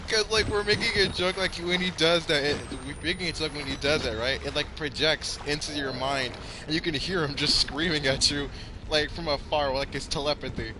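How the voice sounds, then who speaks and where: A man's voice: fairly high pitch, steady tone, moderate pace. A young man hosting a podcast in casual chat, rambling with lots of "like" fillers and swearing. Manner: rambling, heavy use of "like", swearing, laughing often. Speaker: podcast host. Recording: noisy background.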